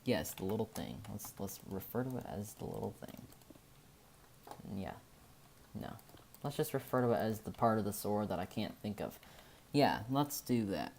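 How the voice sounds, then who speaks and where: A man's voice: fairly low pitch, very animated, normal speed, gravelly, pauses often, darkish tone, slight background noise. A man narrating a casual game-building tutorial, thinking aloud as he goes and often stopping to correct himself.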